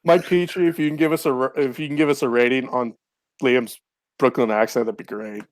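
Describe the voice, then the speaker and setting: A man's voice: mid-range voice, fairly even intonation, brisk, no echo. Matter-of-fact man hosting, dry sound. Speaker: podcast host. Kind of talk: casual chat with scripted intro.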